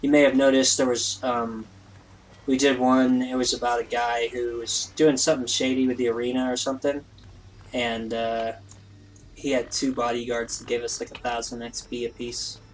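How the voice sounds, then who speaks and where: Male let's play host, casual rambling commentary, self-deprecating, average pitch. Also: level tone, moderate pace, a little hiss or hum, low-quality recording.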